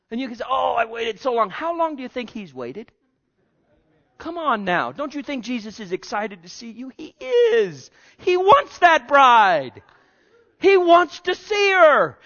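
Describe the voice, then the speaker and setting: A man preaching a sermon fervently, swinging from loud exhortation to hushed near-whispers. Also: very high voice, highs cut off.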